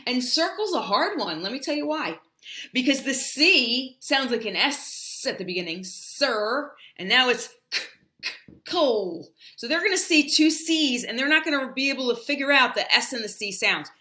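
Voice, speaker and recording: This woman's voice sits high, very animated, pushed and bright, and reverberant as she teaches English shapes to children on a livestream, singing and drilling words slowly with chatty asides.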